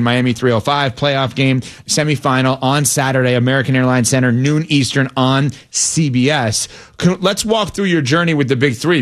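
A man hosting a sports radio and TV show, introducing his guest with a quick list of facts. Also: mid-range voice. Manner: quick listing of facts, brisk. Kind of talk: interview host introduction.

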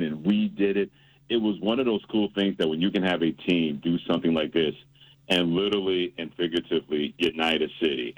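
A man's voice: low-pitched, muffled recording. A man hosting a sports radio show, telling stories and teasing his co-host. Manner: teasing, storytelling.

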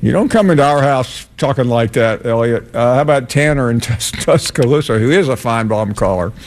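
Man, sports radio host, studio mic, halting, repeats words. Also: medium pitch. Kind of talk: radio talk show.

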